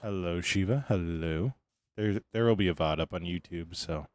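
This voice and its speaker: A man streaming live, chatting casually and greeting viewers by name, tired and relaxed. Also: deep voice, normal speed.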